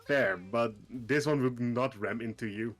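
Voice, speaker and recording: Casual male gaming streamer, mid pitch, loose rambling delivery, light music under. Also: measured pace. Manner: relaxed, rambling, reads entries aloud. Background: faint game music.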